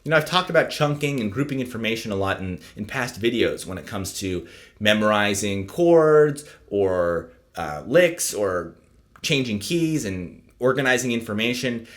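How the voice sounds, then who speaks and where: A man teaching saxophone in a casual instructional video, explaining his practice routine in a relaxed way and often checking in with "right?". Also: on the low side, moderate pace.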